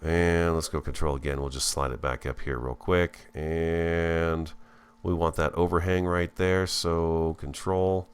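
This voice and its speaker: A man's voice: sits low, little pitch movement, measured pace, clean tone. A man giving casual, folksy commentary while building in a game, chatting to his viewers like friends. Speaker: let's-play host.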